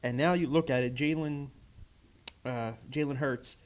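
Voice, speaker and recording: A young man ranting casually in a video reaction, exasperated and swearing, growing louder as he goes. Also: steady tone, unhurried. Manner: exasperated, swears, gets louder and higher as he rants. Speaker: vlogger.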